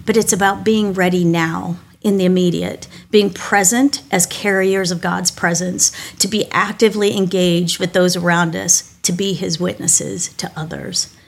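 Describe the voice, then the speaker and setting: A woman's voice: on the low side, fairly even intonation, normal speed, vocal fry, few pauses. A middle-aged woman pastor giving a devotional talk, telling personal stories in a candid, self-deprecating way with small restarts.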